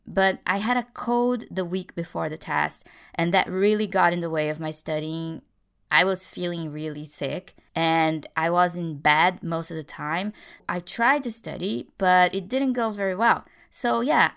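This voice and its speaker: A woman's voice: lowish voice, measured pace, creaky, fairly bright tone, clean tone. A woman hosting a podcast English lesson, explaining grammar with little acted stories, speaking English as a Portuguese speaker. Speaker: English teacher, podcast host.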